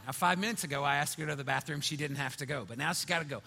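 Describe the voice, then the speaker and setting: A man preaching a sermon in a conversational, storytelling way, swinging between loud and hushed. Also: a little high, racing, creaky, few pauses. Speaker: pastor. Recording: reverberant hall.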